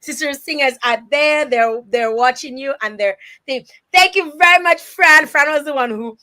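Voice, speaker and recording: A woman from Dominica hosting a live online interview, chatting warmly and reading viewer comments aloud with lively emphasis. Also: high-pitched, moderate pace. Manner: animated and emphatic, many restarts. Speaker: host.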